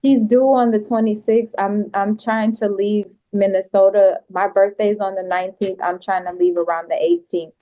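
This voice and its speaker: A woman's voice: medium pitch, fairly even intonation, moderate pace, hardly any pauses, muffled recording. A woman speaking as a defendant in a court hearing, anxious and pleading, often cutting in over others, heard over a video call.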